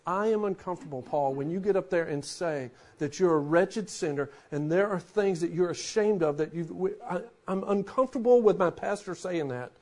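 A man in his forties, a pastor preaching a sermon in a conversational way, dropping to a hush for emphasis. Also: high-pitched, moderate pace, hardly any pauses.

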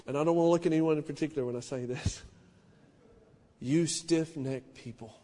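A man preaching a sermon in a small church, impassioned, swinging from hushed to loud. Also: a little high, brisk, in a large hall. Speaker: pastor.

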